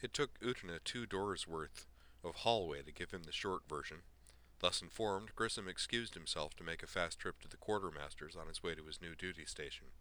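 A man narrating a story at a steady, even pace in audiobook style. His voice is deep yet bright and forceful. The delivery is plain storytelling. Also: moderate pace.

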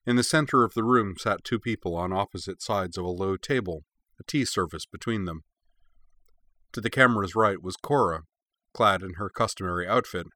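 Low-voiced man reading a story. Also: no echo. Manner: steady, descriptive storytelling. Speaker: narrator. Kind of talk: read-aloud fan fiction narration.

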